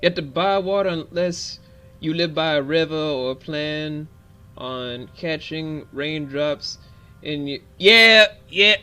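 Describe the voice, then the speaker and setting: Young male streamer, animated and rambling, a bit high and very bright. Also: slow pace, clear, resonant tone. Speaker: game streamer. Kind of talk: casual livestream commentary.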